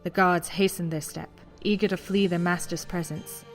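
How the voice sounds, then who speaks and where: Man narrating a dark audiobook. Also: high voice, flat delivery, normal speed, faint music behind. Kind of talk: scripted narration.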